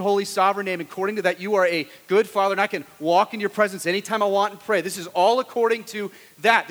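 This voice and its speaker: A man's voice: high-pitched, fairly bright tone, in a large hall. A man preaching a sermon as a pastor in a conversational style, often asking his listeners "right?".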